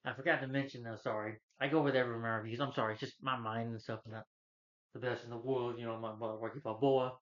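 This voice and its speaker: A man's voice: mid-range voice, steady tone, fast talker, a bit bright, highs cut off. A man casually retelling a film's plot in a rambling way as a movie reviewer. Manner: rambling, acts out quotes from the film.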